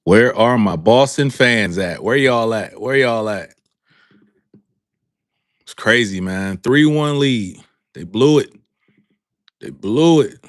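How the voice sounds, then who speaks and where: Man, sports stream host, slow drawn-out delivery, dry close sound, repeats himself to viewers. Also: medium pitch, animated, no echo. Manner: drawn-out, repetitive, calling out to viewers. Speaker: sports talk show host. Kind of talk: live-stream reaction talk. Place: home studio with a green background.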